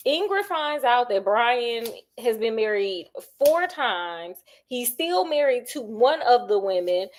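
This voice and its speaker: Sassy high-voiced woman. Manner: sassy, gossipy, dramatic retelling. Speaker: cooking vlogger. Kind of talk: casual chat while cooking.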